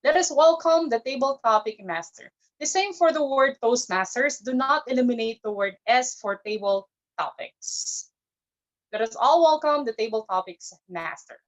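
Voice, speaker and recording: A woman's voice: a little high, animated, moderate pace. A woman, an English speaker, giving a careful, teacherly evaluation of grammar and pronunciation at an online speech club. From Philippines. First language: not English. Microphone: video call. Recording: dull lo-fi video call audio.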